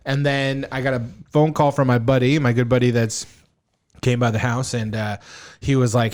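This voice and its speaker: A man's voice: mid-range voice, fairly even intonation, normal speed. A man co-hosting a casual podcast chat, laughing often, swearing freely and acting out the things people said to him. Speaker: podcast co-host.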